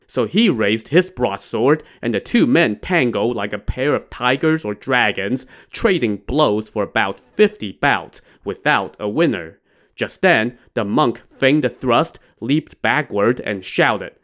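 A man's voice: mid-range voice, lively intonation, measured pace, fairly bright tone. A man casually retelling a classic adventure novel, dropping in wry, irreverent asides. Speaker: storyteller.

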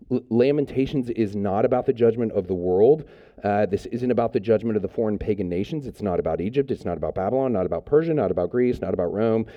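A man's voice: fairly low pitch, highs cut off. A man preaching a sermon as pastor, speaking in a conversational way with frequent fillers and restarts.

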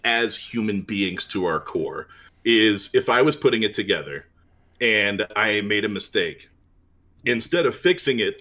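A man's voice: on the low side, a bit bright. A man co-hosting a casual chat over a call, earnest and full of "uh" fillers. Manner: earnest, complimentary, hesitant with many fillers. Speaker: podcast co-host. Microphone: remote call with dropouts.

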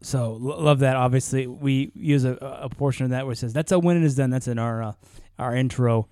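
A man's voice: mid-range voice, little pitch movement, normal speed, mellow, dry recording, studio quality, soft background music. Rambling enthusiastic podcast host, man. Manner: rambling, many fillers and restarts, enthusiastic. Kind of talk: casual chat.

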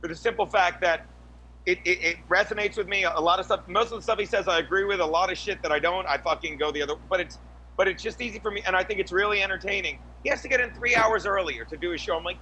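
A man's voice: sits high, fast, bright, forceful tone, a little hiss or hum, low-quality recording. A man on a casual podcast, ranting and rambling with lots of swearing and restarts. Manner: profane, rambling, rant-like; many restarts and fillers. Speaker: podcast co-host, guest. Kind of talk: crude casual podcast chat.

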